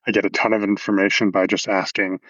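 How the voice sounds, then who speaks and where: Low-voiced man, dull dry recording. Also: flat delivery, fast, fairly bright tone, dry recording. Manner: explanatory, anatomical detail, frequent fillers. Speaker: movement coach. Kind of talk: casual podcast interview.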